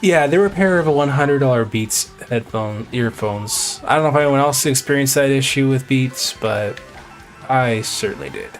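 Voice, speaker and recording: A man's voice: mid-range voice, normal speed. A man live-streaming a video game, chatting casually in a rambling, exasperated way with mild swearing. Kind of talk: casual chat while playing. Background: faint video game music.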